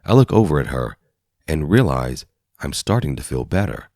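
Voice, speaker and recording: A man narrating an audiobook in the first person, in an even, measured storytelling manner. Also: extremely low pitch, no room sound. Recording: dry studio voice-over.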